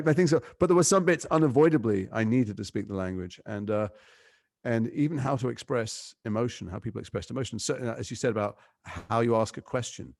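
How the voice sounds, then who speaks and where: A middle-aged male actor being interviewed, telling animated stories and mimicking voices. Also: on the low side, vocal fry, no room sound, clean studio sound. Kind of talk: interview conversation.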